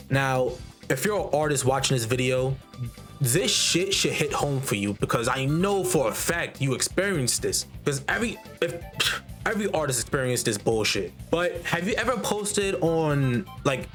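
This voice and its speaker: Brief: fired-up swearing male vlogger, higher voice, faint music underneath. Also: fairly bright tone. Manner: heated, swearing constantly, repeats himself. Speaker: artist and vlogger. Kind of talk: profane ranting monologue. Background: faint background music.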